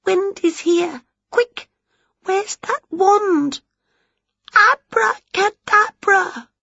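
A woman's voice: very high-pitched, very slow, gravelly, no echo, dull audio, pitched above the performer's own voice, full character voice. A woman voicing a scatterbrained, cheerful witch in a read-aloud storybook. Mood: excited. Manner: excitable, exclamatory. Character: dizzy, cheerful middle-aged witch woman.

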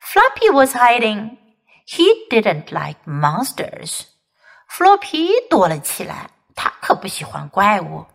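A woman's voice: medium pitch, slow, gravelly. A woman English teacher reading a children's picture book aloud, line by line in two languages, and talking to children directly. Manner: animated, addresses children directly. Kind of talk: bilingual storybook reading for children.

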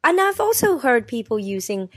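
A woman whose first language is Mandarin Chinese co-hosts an educational chat, explaining things in two languages with curiosity and plenty of questions. Her voice is a little high and very animated, her pace moderate, and the recording dry.

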